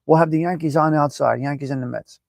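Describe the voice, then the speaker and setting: A man hosting a casual live-stream chat, brash, profane and animated as he talks back at viewers by name. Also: fairly high pitch, fast, vocal fry, no echo. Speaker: live show host.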